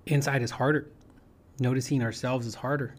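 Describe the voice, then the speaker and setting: A man's voice: medium pitch, fairly even intonation, brisk. A man telling a personal story in a loose, rambling way, often repeating himself and adding "you know" and "right?". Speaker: speaker sharing a personal story. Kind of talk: informal storytelling talk.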